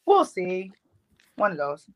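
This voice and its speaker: A young Bronx poet with a New York accent chats casually in an interview, telling animated stories in loose, slangy speech packed with fillers. Her voice is lowish and her pace slow.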